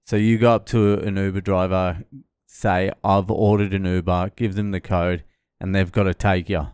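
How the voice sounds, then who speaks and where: A man's voice: low-pitched, normal speed, smooth, no echo. A middle-aged man swearing freely as he recounts a stressful arrival in a casual travel vlog. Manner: swearing, animated storytelling. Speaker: vlogger.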